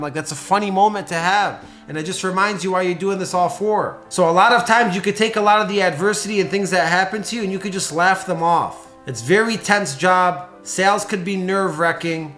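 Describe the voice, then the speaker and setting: High-voiced male sales trainer, roomy sound. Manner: energetic, conversational, acts out sample sales lines. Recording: roomy echo with faint music.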